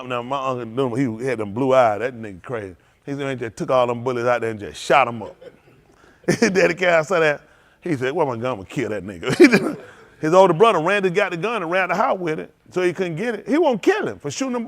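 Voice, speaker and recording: A man's voice: on the high side, animated, brisk. A man preaching in a folksy storytelling sermon, laughing often and repeating phrases as he acts out quotes. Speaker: pastor.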